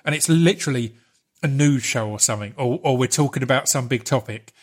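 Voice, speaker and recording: A man talking casually on a podcast, relaxed and slangy, with stammered restarts. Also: medium pitch, fairly quick. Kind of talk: casual chat.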